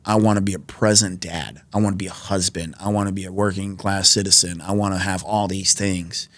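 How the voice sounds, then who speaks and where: This deep, steady, fairly bright voice belongs to a New York man in his twenties who talks briskly. As a podcast guest in a studio with no room sound, he casually recounts his life story, acting out quoted dialogue amid lots of fillers.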